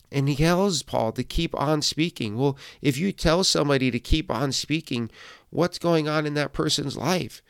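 A middle-aged male pastor gives a reflective devotional talk in an earnest, encouraging way. His voice is smooth and resonant, with a gravelly edge. The sound is dry and close. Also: mid-range voice, no echo.

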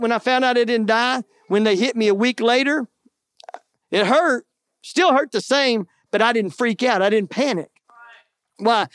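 A man's voice: extremely high pitch, a bit bright, no echo. A man preaching a sermon in a folksy, conversational way, often tossing in "man" and "right?". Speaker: pastor.

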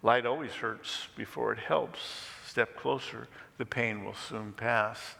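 A male preacher voicing a kindly stranger who speaks slowly and reassuringly. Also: medium pitch, steady tone, creaky, pushed and bright, big-room sound, heavily acted. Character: calm, kindly male stranger bringing fire.

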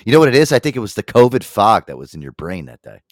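A man's voice: fairly low pitch, big pitch swings, fast, dry recording, clean studio sound. A man hosting a podcast in casual chat, joking, laughing and swearing freely. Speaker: podcast host.

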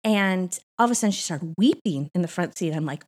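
A middle-aged woman, a co-pastor appearing as a podcast guest, tells a family story in a casual interview in an Austin church setting. Her medium-pitched voice has lively intonation and a fairly quick pace with few pauses; she laughs often and acts out the voices she quotes. She's recorded on a microphone clipped to her.

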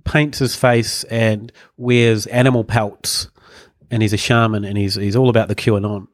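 A man's voice: lowish voice, level tone, unhurried, no room sound, studio quality. A man hosting a podcast, telling stories in casual comedic chat and chuckling often. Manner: rambling storyteller, chuckling often. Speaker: podcast host.

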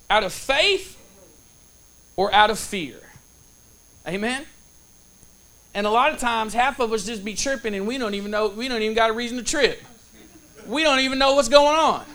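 A man's voice: very high-pitched, sharp tone. A man preaching a sermon, telling a story in a folksy, casual way and checking in with the congregation. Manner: storytelling with call-and-response asides.

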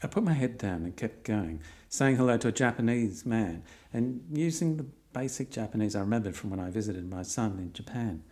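A man's voice: fairly low pitch, animated, fairly quick, few pauses, warm tone. A middle-aged man narrating his own long walk in a reflective way with dry, wry humour. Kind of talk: personal travel narration.

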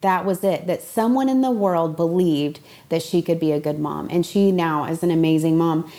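Young woman guest, earnest storyteller, lowish pitch, casual interview talk. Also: moderate pace, dark tone, slight background noise. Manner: earnest storytelling, acts out quoted voices.

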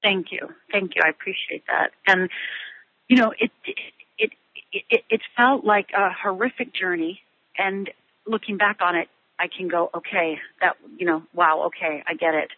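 A middle-aged woman being interviewed, telling her personal story in a halting way with many restarts and fillers. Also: fairly low pitch, breathy edge. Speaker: guest. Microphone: phone line. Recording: tinny phone line.

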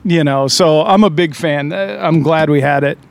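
Relaxed, high-voiced male guest. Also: moderate pace, gravelly. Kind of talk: casual chat.

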